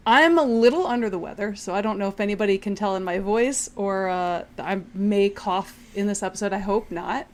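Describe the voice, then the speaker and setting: A woman's voice: mid-range voice, fairly quick, few pauses. A woman, hosting a casual podcast chat, chatty and playful while recovering from the flu. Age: 30s. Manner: chatty, playful, laughs along. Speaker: podcast host.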